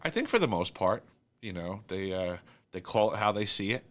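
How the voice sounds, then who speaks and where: A man's voice: on the low side, animated, normal speed, a bit bright. A man from New York hosting a casual chat, telling rambling stories with lots of fillers and easy laughter. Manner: rambling storyteller, laughs easily, many fillers. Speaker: host.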